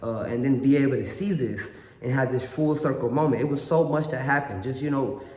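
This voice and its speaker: Young adult male reaction-channel host, mid-pitched, casual and rambling, recorded in a reverberant room. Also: brisk, darkish tone. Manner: rambling, earnest, repeats himself. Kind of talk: casual monologue to viewers. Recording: echoey room with long reverb.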